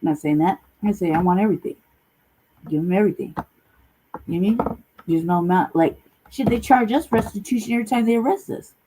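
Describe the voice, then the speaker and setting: A woman's voice: medium pitch, quick pace, long pauses, warm tone, a little hiss or hum, rough recording. A woman hosting a casual commentary vlog, ranting bluntly and profanely and laughing at what she has just played. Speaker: host.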